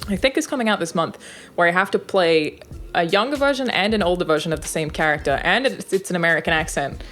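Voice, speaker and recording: A young woman with a low, deep-set voice speaks as an interview guest, chatty and loose with lots of fillers. Faint music sits under her. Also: expressive, fast, fairly bright tone. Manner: chatty, many fillers and laughs. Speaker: interview guest, game voice actor. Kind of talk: casual interview chat.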